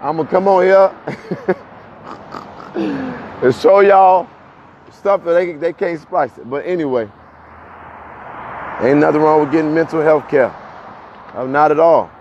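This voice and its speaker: Walking uphill outside, a man with a fairly high voice speaks to his livestream audience, slightly winded and unhurried, leaving long pauses. He's animated, tends to repeat words, and laughs between points, all captured on dull, lo-fi phone audio with faint street sounds behind.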